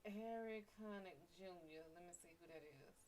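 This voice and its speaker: A woman's voice: fairly low pitch, normal speed, a little mellow, slight background noise. A woman with a Cajun-tinged accent, chatting casually on a livestream as a psychic reader, rambling and profane with laughing asides.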